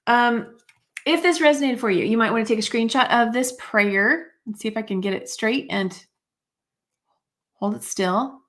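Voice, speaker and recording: A woman's voice: a little high, normal speed. A woman giving a spiritual card reading to camera in a chatty, rambling way, with many fillers and asides. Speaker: card reader.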